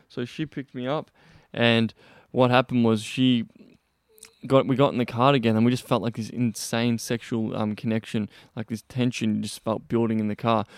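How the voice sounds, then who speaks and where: A man's voice: mid-range voice, smooth, no room sound, studio quality. A young man hosting a podcast, telling a rambling story with heavy swearing and frequent restarts. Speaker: podcast host. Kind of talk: casual storytelling monologue.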